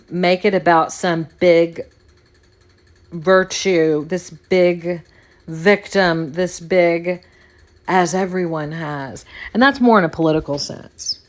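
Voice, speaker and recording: Lady podcast host just talking, kinda low voice, circles back on the same phrases. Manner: rambling, repeats phrases for emphasis. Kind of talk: casual monologue.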